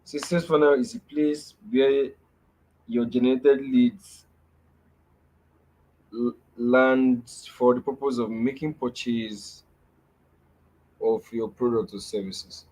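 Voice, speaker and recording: A man's voice: medium pitch, fairly even intonation, slow, long pauses, a little mellow. A young man with a Nigerian accent teaching a live webinar over a video call, repeating key phrases and often checking in with "right?". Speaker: webinar speaker.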